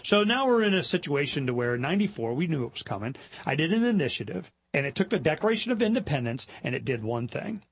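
A middle-aged man hosting a talk show, telling stories in a rambling, animated way and mimicking other people in high mocking voices. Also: fast talker, hardly any pauses, husky. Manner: rambling, with repetitions and restarts. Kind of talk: casual monologue.

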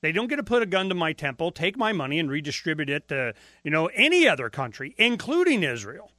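A man's voice: a little high, very animated, fast, bright, forceful tone, no room sound. A man hosting a talk radio show, talking in a rambling, emphatic way with many fillers into a close studio mic. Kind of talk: casual talk radio monologue.

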